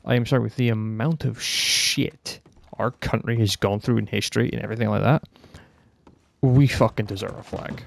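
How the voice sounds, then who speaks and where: A man's voice: on the low side, steady tone, normal speed, vocal fry, no room sound. A young man from Scotland with a northern Scottish accent, ranting casually and heatedly, swearing often. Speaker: podcast rambler. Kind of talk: casual rant.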